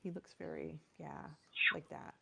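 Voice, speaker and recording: A woman's voice: low voice, fairly even intonation, unhurried, gravelly, background noise. A woman from Michigan's Upper Peninsula with an Upper Midwest accent, chatting casually as a co-host on a live art stream and using lots of "like" and "you know". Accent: Upper Midwest American. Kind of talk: casual chat while drawing.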